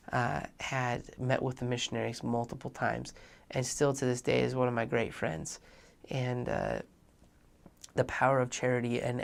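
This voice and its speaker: A young man telling a personal story in a talk, animated and acting out the dialogue of the people in it. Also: medium pitch, vocal fry. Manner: animated, acts out quoted dialogue. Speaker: speaker.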